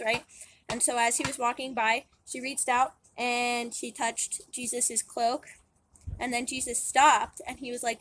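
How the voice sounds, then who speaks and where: A woman's voice: high voice, little pitch movement, measured pace, a bit bright, slight background noise. A young woman casually retelling a Bible story in a chatty, slangy way, full of "like"s. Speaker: channel host.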